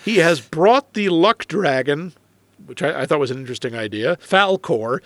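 A man's voice: fairly high pitch, moderate pace, no echo, clean studio sound. A man co-hosting a podcast, chatting casually about a film with wry asides and frequent laughter. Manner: wry, animated, laughs often. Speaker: podcast co-host. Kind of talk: casual movie review chat.

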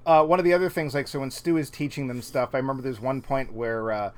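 A man in casual conversation, animated and laughing often, acting out lines in silly voices. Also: mid-range voice, fast talker. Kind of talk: casual chat.

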